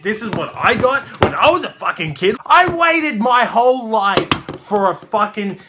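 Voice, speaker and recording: A man's voice: high voice, sing-song, normal speed, few pauses, noisy background. An Australian man hosting a toy review vlog, ranting with profanity and exasperation.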